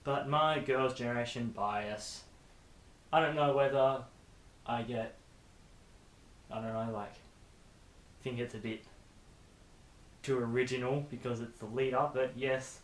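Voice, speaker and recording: Chatting casually to camera from a poster-lined bedroom, a young man rambles and makes self-deprecating asides. He speaks at a measured pace in a steady mid-range voice, pausing often, and the recording is echoey with a faint hiss.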